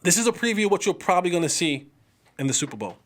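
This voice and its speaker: A man hosting a sports talk show, with a voice that sits well above the usual male range. He speaks casually and full of slang, addressing viewers directly. His delivery is emphatic and animated, and he stretches out his exclamations. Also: high voice, rapid-fire. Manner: slangy, talks straight to viewers.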